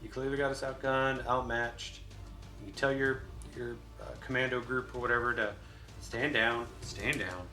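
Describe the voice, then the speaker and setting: A man voicing a gruff male enforcer who gives in bluntly and grudgingly. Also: medium pitch, fairly even intonation, moderate pace, sharp tone, echoey room, natural voice. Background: music.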